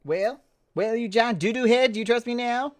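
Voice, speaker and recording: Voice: mid-range voice, moderate pace, faint music behind, voice pushed up, close to an everyday voice. A gamer putting on a pompous British nobleman. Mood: haughty. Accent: put-on British. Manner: haughty, formal.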